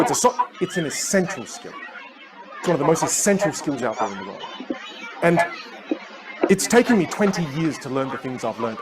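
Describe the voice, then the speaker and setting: A man speaks fast and animatedly to a large audience, acting out people's inner thoughts with sudden leaps in pitch. His voice sits a little high for a man. A loud, reacting crowd and heavy ambient noise fill the recording. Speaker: communication coach. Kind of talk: live seminar talk.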